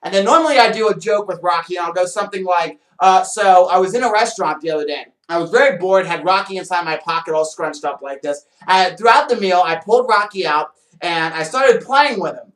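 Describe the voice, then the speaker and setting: A magician host gives a casual how-to talk on magic from a small room with a counter and shelves. He's a man with a high voice, talking fairly quickly in a bit bright tone, chatty and rambling with many fillers and playful asides. The sound is reverberant.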